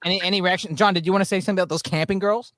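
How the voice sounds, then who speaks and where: A man's voice: high voice, steady tone, rapid-fire, noisy background. A man co-hosting a casual podcast chat, laughing often and prompting his friends to speak. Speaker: co-host.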